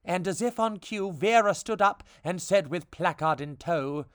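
A storybook podcast reader, narrating a rhyming tale in a playful, expressive way. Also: mid-range voice, measured pace, few pauses, clear, resonant tone, dry recording, clean studio sound.

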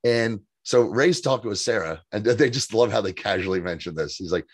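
Low-voiced man co-hosting a podcast. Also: expressive, fairly quick, hardly any pauses, husky, no room sound, studio quality. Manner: chatty, laughs often. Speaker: podcast co-host. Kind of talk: casual TV recap chat.

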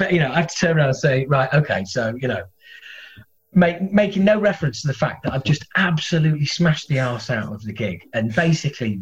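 A man telling comic backstage stories in a lively, animated way, slipping into other people's voices as he goes. His voice sits fairly high for a man, and the recording sounds dull and lo-fi. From England. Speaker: guest, comedian and former metal singer. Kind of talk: casual storytelling.

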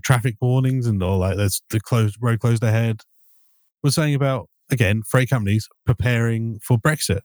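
A man's voice: mid-range voice, a little mellow, no echo, studio quality. A British man co-hosting a casual podcast, laid-back with casual swearing. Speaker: podcast co-host.

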